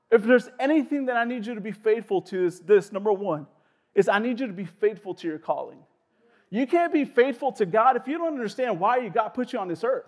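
A young male pastor preaching a sermon in a casual, animated way, with lots of "like" fillers and quick asides. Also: extremely high pitch.

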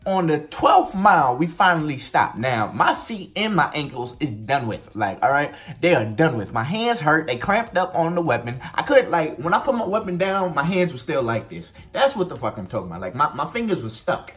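Animated man telling a profane story. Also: normal speed, hardly any pauses. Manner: animated, profane, swings pitch widely for emphasis. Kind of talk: casual storytime.

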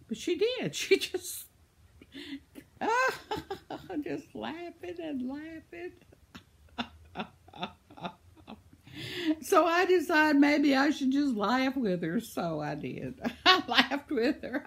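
A woman's voice: high voice, big pitch swings, slow pace, vocal fry, long pauses. An older woman telling a rambling everyday story in a chatty vlog, laughing often as she talks. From United States. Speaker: vlogger. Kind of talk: casual storytelling.

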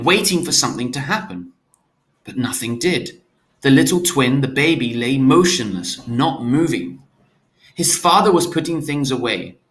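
A man's voice: medium pitch, a bit bright. A man reading a novel aloud, stopping to restate hard words in simpler terms.

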